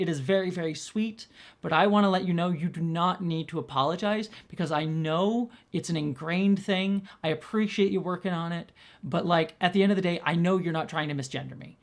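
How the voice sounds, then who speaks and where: Rambling casual woman host. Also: on the low side. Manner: rambling, heavy use of "like", frequent restarts. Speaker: host and director. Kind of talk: casual commentary.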